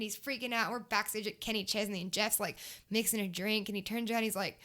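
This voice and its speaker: Young woman guest chatting away, bright voice, gets real animated with stories. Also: medium pitch, fast talker, hardly any pauses. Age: young adult. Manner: enthusiastic storyteller, acts out quotes. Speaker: guest, country music artist. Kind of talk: casual interview chat. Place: race shop.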